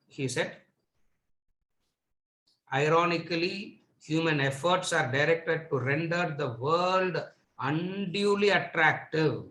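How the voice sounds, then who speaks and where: A man's voice: fairly high pitch, a bit bright. A man teaching a spiritual lecture to a seated audience, asking rhetorical questions and repeating words for emphasis. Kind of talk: lecture on scripture. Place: lecture room with live audience. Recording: echoey room.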